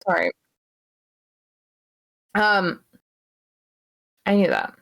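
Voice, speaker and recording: Female co-host, casual profane recap voice, filler-heavy delivery, medium pitch. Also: wildly swooping pitch, drawn-out words, vocal fry, fairly bright tone, low-quality recording. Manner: loose and profane, full of "um" and "like" fillers. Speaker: podcast co-host. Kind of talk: casual wrestling recap chat.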